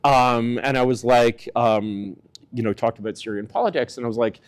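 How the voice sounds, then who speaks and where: A man's voice: moderate pace, clear, resonant tone. Rambling man, lots of filler words. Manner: animated pitch swings for emphasis. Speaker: political commentator. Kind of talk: casual spoken commentary.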